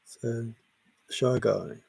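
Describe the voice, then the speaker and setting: A man's voice: mid-range voice, drawn-out words, gravelly, darkish tone, slightly rough, no room sound. A man hosting a casual livestream, reading viewer comments aloud and teasing them with a rambling, chuckling manner. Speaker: livestream host.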